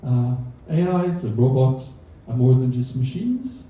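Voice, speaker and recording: A man's voice: medium pitch, very animated, measured pace, warm tone. Dry-witted man telling science jokes onstage. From Australia. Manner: dry self-deprecating humor, chuckles at his own jokes. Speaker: university researcher giving a comedy science talk. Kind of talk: stand-up science talk. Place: comedy venue stage before a live audience. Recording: echoey hall, mic from a distance.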